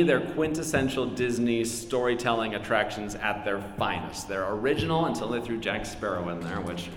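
A man's voice: mid-range voice, slight background noise. A middle-aged man and voice actor answering questions at a live convention panel, chatty and self-deprecating, laughing often. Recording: echoey hall with faint crowd ambience.

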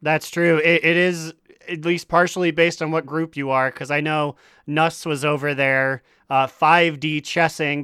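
A man's voice: on the high side, fairly even intonation, unhurried, pushed and bright, clean tone, no echo, studio quality. A man co-hosting a casual gaming podcast, joking and reacting playfully. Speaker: podcast co-host.

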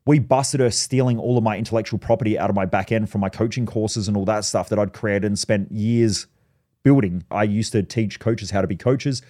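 A man's voice: lowish voice, a little mellow. A man hosting a solo podcast, telling stories in a blunt, profane way. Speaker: podcast host.

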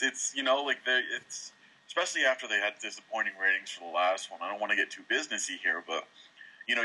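A man's voice: on the low side, pushed and bright, low-quality recording. A man co-hosting a podcast, talking casually and hedging with fillers. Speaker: podcast co-host. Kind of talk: casual chat.

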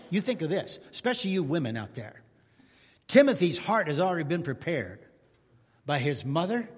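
High-voiced man preaching a folksy sermon. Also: husky. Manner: folksy storytelling, rising to loud exclamations. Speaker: pastor. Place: church sanctuary. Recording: long hall reverb in church.

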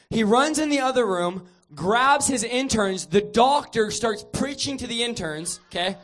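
A young man preaching a revival sermon in church, moving from casual chat to shouted fervor. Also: very high voice, animated, a little slow, soft background music.

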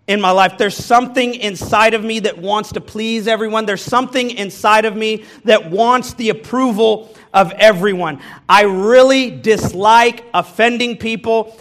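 His voice is high-pitched and somewhat bright. A pastor from the American Midwest, he gives an honest sermon full of personal anecdotes, talking straight to his flock and poking fun at himself.

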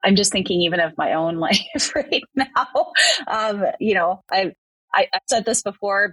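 A woman's voice: mid-range voice, a bit bright, husky, dry recording, rough recording. A woman hosting a podcast interview, talking in a thoughtful, rambling way with many restarts and fillers. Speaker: podcast host. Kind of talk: reflective conversational interview.

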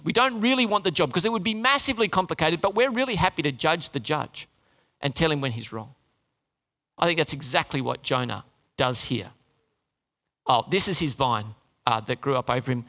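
A man preaching a sermon in an animated, joking manner, asking the audience questions. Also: sits high, in a large hall.

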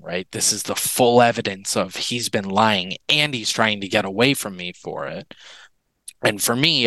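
A man who is a guest on an interview podcast, telling a personal story in an earnest, candid way with halting restarts. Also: lowish voice, pushed and bright, no echo, rough recording.

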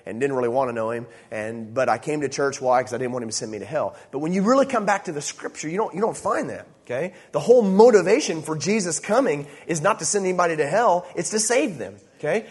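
Husky-voiced preacher in a reverberant hall. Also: male voice, a little high, expressive, quick pace. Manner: emphatic preaching with many "okay?" asides. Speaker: pastor. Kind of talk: sermon.

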